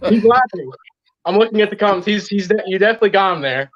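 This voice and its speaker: A man's voice: sits high, lively intonation, fast. A man co-hosting a podcast, reading out viewer questions in a dry way. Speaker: co-host reading viewer comments. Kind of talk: casual podcast chat. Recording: dull lo-fi sound.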